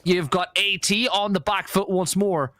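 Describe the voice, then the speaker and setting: A man with an Irish accent calling live esports play-by-play in a brisk, conversational way. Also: high-pitched, fairly even intonation, bright, forceful tone, dry recording. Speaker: esports caster.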